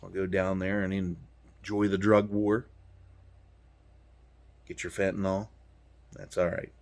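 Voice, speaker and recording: A man's voice: deep voice, flat delivery, unhurried, darkish tone. A man from the United States, ranting to his viewers in a heated, profane way from inside his truck. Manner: swearing, heated, punchy. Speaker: vlogger talking to his viewers. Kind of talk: profane angry rant.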